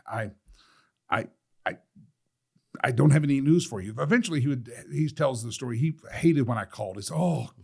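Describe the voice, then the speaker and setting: A middle-aged man in a sit-down talk, telling a personal story with animated quoting of other people. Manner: lively, quotes others with changes of pitch and loudness, laughs often. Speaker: guest telling his story.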